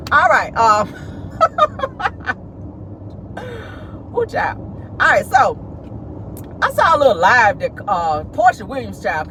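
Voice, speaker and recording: A woman's voice: medium pitch, a bit bright, a little hiss or hum. A woman hosting a gossip vlog, talking in a sassy, petty way and calling her listeners "honey" and "child.". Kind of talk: celebrity gossip commentary.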